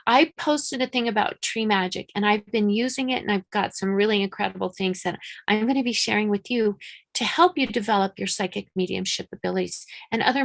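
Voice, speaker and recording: A woman psychic medium doing a live-streamed reading, talking frankly and chattily, swearing casually, and repeating points with urgent emphasis. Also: mid-range voice.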